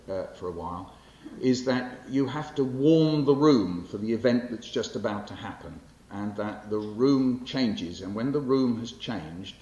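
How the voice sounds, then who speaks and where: In a somewhat low, slightly mellow voice, a man from England in his sixties lectures publicly in a library hall and reads his poetry. His manner is wry and chatty, full of fillers and self-corrections, captured in a muffled, roomy recording with faint hiss.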